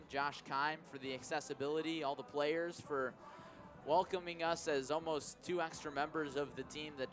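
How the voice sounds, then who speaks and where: A man's voice: fairly high pitch, a bit bright. A young man giving color commentary on a baseball radio broadcast, talking enthusiastically and thanking people. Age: young adult. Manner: enthusiastic, grateful, rambling. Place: outdoor ballpark broadcast booth. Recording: ballpark crowd noise behind.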